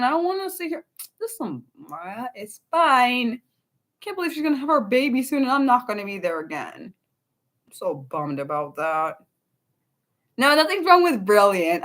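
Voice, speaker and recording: Her voice slightly high and a bit bright, a young livestream host talks off the cuff, wandering and interrupting herself whenever she stops to respond aloud to chat messages.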